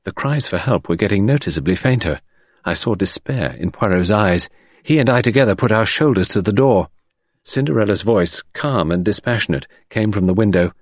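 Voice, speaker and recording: A man reading an audiobook narration in a measured, expressive way. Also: fairly low pitch, no echo, studio quality.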